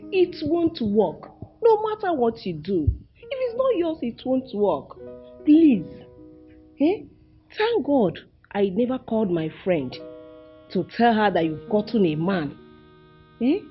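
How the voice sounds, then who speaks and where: A coaxing Nigerian mother. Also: on the high side. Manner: coaxing, pleading, insistent. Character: doting pushy royal mother, middle-aged woman. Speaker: mother of a princess. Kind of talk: film drama acting. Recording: slightly dull film audio, faint music.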